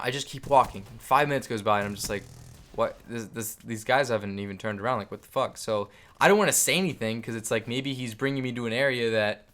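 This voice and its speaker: A young man vlogging, telling a rambling story with lots of swearing and filler words. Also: medium pitch. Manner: rambling, animated, frequent swearing and "like". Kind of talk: storytelling vlog.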